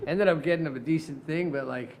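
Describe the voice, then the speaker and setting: A man's voice: on the high side, fast talker, a little hiss or hum. A middle-aged man, a defense attorney, telling a courtroom story in casual chat, laughing often and swearing freely. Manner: profane, laughing, animated storyteller.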